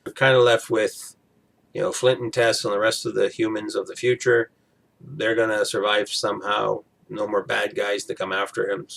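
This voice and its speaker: A man's voice: fairly low pitch, little pitch movement, moderate pace, creaky, fairly bright tone. A man recapping a TV episode in a casual, rambling way, full of fillers. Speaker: TV episode reviewer.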